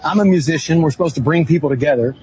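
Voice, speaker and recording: A man's voice: fairly high pitch, very fast. A man speaking as a musician in an interview, upbeat and enthusiastic. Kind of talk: on-site interview clip. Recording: clip with crowd behind. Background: crowd.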